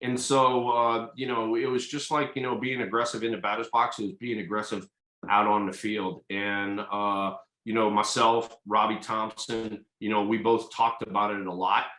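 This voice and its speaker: A man's voice: fairly low pitch, flat delivery, normal speed, pushed and bright, echoey room, low-quality recording. An older man, a retired ballplayer, answering interview questions in an easygoing, folksy way. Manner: easygoing, folksy, fillers like "you know". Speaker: retired baseball player, guest.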